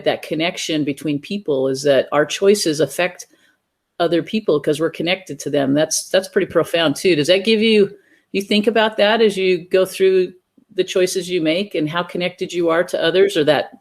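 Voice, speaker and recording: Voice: medium pitch, moderate pace. A podcast host musing thoughtfully and asking an interview question.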